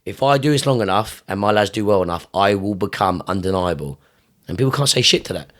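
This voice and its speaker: A young man with a low-pitched voice talks through a casual podcast interview as a fight coach. He swears freely and hammers home his points by repeating them, and his voice leaps higher and louder whenever the passion takes over. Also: expressive, a little fast. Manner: intense and emphatic, heavy swearing, repeats phrases; voice jumps higher and louder when fired up. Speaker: gym owner and Muay Thai coach.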